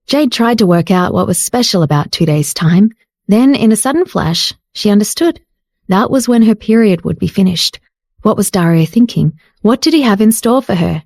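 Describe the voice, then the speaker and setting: A woman narrating an audiobook romance in a steady storytelling read. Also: medium pitch, normal speed, dry recording, studio quality. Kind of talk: scripted narration.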